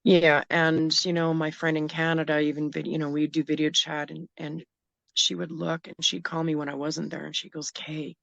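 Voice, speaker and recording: A middle-aged woman recounting a frightening personal story as an interview guest, halting and emotional, often restarting her sentences. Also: deep voice, flat delivery, vocal fry, fairly bright tone, no echo, highs cut off.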